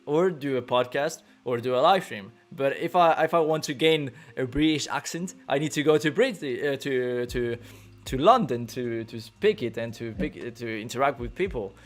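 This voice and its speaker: A young man with a French accent hosts a casual live stream in English. He talks eagerly, laughs easily, and often restarts as he looks for the right words. His voice sits at an ordinary middle pitch. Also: normal speed. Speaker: podcast host.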